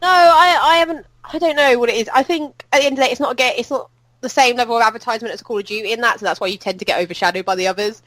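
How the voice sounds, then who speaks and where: Une femme à l'britannique, co-animatrice d'un podcast, qui bavarde en passant d'une idée à l'autre. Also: female voice, fairly high pitch, rapid-fire, fairly bright tone, no echo, poor audio. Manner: chatty, jumps between thoughts. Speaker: podcast co-host. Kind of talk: casual chat.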